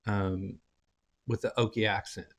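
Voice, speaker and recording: Male podcast host, Oklahoma accent, lowish pitch, rambles and chats. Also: flat delivery, unhurried. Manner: rambling, chatty, restarts phrases. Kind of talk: casual interview chat.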